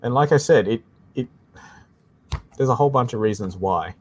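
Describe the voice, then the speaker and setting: A man's voice: medium pitch, moderate pace, slight background noise. A man with an Australian accent co-hosting a live tech Q&A stream, explaining things casually and often saying "like I said". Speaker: tech support co-host.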